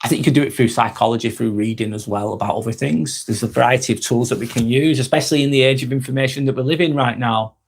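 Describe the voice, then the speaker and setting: Man, forties, Lancashire accent, live vlog host, chatty, answers viewers by name, middle pitch. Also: fast talker, vocal fry, few pauses, breathy edge. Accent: Lancashire, near Manchester. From Northwest England. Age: 40s. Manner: reads viewer comments aloud and answers each by name, friendly and reflective. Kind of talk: casual live-stream chat.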